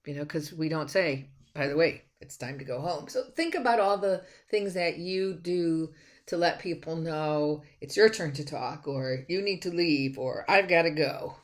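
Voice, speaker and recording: An unhurried, deep-voiced woman teaches a college class through a recorded slide lecture. Her delivery is conversational, packed with fillers and restarts.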